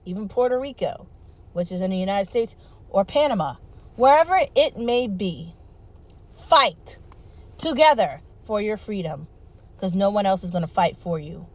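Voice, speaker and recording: A woman's voice: mid-range voice, fairly quick, darkish tone. Woman, solo monologue, emphatic, repetitive, swearing, dull lo-fi audio.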